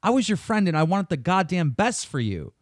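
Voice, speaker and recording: A man argues hard on a podcast, swearing freely and repeating his points over and over. His voice sits a little high. The recording is close and dry, with no room sound. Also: sing-song, brisk, dry recording. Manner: emphatic, swears often, repeats himself when pressed. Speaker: podcast host. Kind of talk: heated argument on a podcast.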